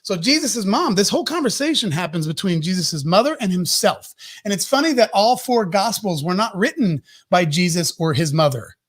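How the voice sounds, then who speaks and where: A man hosting a podcast, telling a comic story in an animated, profane rant. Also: high voice, moderate pace. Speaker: podcast host.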